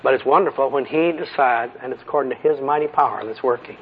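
A man's voice: mid-range voice, fast, a little hiss or hum. A man preaching a sermon in a folksy, conversational way, asking his listeners rhetorical questions, on a muffled lo-fi recording.

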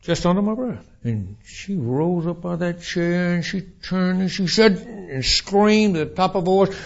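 A man preaching a sermon, telling stories in a folksy, animated way. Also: high-pitched, a little slow, creaky, highs cut off. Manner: folksy, animated storytelling with restarts.

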